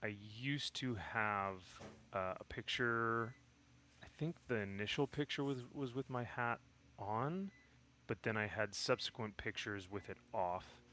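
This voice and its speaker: A man in casual chat, talking in a halting, rambling way with many fillers and restarts. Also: lowish voice, pushed and bright, a little hiss or hum. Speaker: stream guest.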